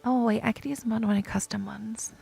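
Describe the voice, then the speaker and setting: Excitable, gravelly-voiced woman streamer. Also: on the high side, fairly quick, faint music behind. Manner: excitable and self-declared dramatic, gushing and groaning. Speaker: game streamer. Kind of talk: casual gameplay chat to viewers.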